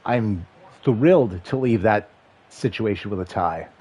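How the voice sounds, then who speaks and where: A man in his thirties streaming a football video game, calling the plays and chatting with viewers in a rambling, excitable way. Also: on the low side, a little slow, breathy edge, muffled recording. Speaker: livestream gamer and commentator. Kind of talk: casual play-by-play chat with chat.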